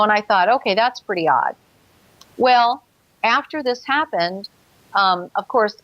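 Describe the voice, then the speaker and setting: A woman's voice: mid-range voice, dry recording, highs cut off. A woman telling her own experience as a guest in an interview, earnest, acting out her past thoughts. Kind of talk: personal account in an interview.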